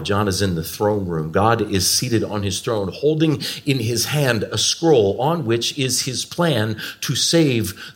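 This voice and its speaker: A man in his forties preaching a sermon, telling family stories with animated, swooping emphasis. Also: mid-range voice. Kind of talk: storytelling sermon.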